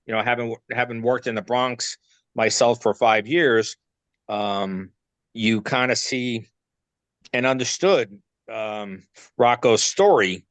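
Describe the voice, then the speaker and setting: A man's voice: medium pitch, slow pace, fairly bright tone, dry recording. A man with a New York accent, speaking as an interview guest in a loose way, with many fillers while he searches for words. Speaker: actor and filmmaker guest. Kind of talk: casual interview talk.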